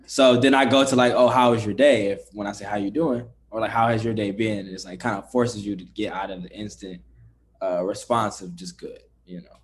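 A man talking as a podcast guest in a laid-back, conversational way, often dropping soft and low as he explains. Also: fairly even intonation, fairly quick. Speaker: guest, entrepreneur. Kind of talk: casual interview chat.

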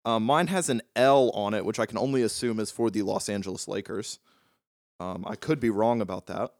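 A man's voice: on the low side, brisk, darkish tone, no room sound, studio quality. A man co-hosting a podcast in casual chat, rambling and joking with frequent restarts. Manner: rambling, jokey, restarts often. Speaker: podcast co-host.

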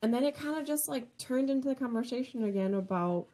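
A woman's voice: high-pitched, fast, dark tone. A woman chatting casually, retelling an exchange with lots of filler words and quoted asides. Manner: storytelling with many "like" fillers, quoting herself. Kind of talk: casual podcast chat.

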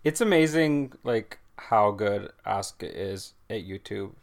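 A man's voice: fairly low pitch, animated, a little slow, gravelly. A man co-hosting a podcast, telling rambling, jokey stories in casual chat. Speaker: podcast co-host.

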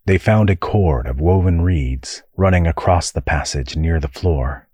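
A man reading an audiobook with measured, steady storytelling. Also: sits low, slightly rough, no room sound. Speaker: audiobook narrator. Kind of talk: scripted narration.

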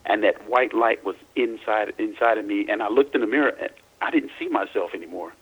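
Halting husky man. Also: on the low side, poor audio. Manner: halting, full of restarts and repeats. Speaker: interview guest. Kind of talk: casual phone interview.

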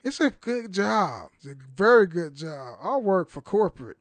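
A man's voice: sits high, very animated, moderate pace, no room sound. A young man hosting a solo podcast, rambling and swearing in casual talk, laughing often and restarting his sentences. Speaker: podcast host.

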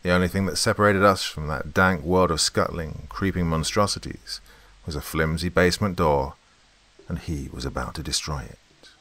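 A man's voice: sits low, normal speed, a bit bright, no room sound. A man narrating a horror story in the first person, in a tense, dramatic way.

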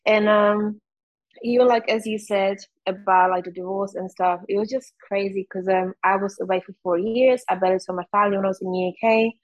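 A woman's voice: mid-range voice, fairly even intonation, muffled recording. Woman with a Czech accent, candid. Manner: candid, fast, heavy use of "like". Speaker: guest. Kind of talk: casual interview chat.

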